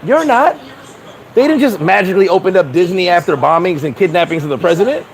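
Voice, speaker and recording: A man with a high, lively voice hosts a casual livestream, talking in a blunt, profane and animated way. His pitch leaps around as he reacts to viewer comments and reads them out. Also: fast talker, poor audio. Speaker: livestream host.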